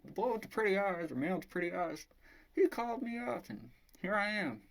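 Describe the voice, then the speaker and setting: Man doing a chirpy falsetto dog sitter. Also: expressive, fairly quick, gravelly, fairly bright tone, exaggerated voice. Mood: breezy. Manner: sing-song falsetto.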